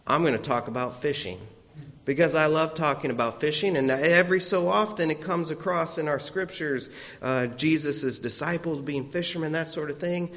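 Pastor preaching in an echoing church. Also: male voice, a little high, fairly bright tone. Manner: folksy storytelling with self-deprecating humor. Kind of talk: sermon. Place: church sanctuary.

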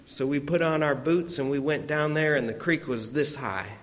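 A man's voice: on the high side, moderate pace, fairly bright tone, long reverb tail. A man preaching a sermon as a pastor, folksy and storytelling with self-deprecating humor, in a church sanctuary.

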